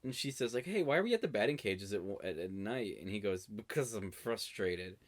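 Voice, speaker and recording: A woman's voice: rumbling low, expressive, brisk. A young woman co-hosting a casual recap podcast, retelling the plot with dry jokes. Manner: dry, joking, narrates plot. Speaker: podcast co-host.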